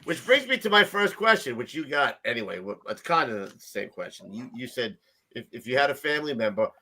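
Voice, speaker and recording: New guy hosting a podcast, loud joking banter, laughs a lot. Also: medium pitch, sing-song, fairly quick. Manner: loud ball-busting banter, laughs often. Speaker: podcast host. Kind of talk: casual chat.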